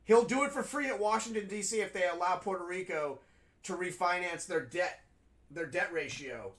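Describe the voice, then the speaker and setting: A man's voice: high voice, moderate pace, a bit bright. A man playing a video game and chatting casually, rambling and frank, with frequent swearing. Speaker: gaming streamer. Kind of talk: casual commentary while playing.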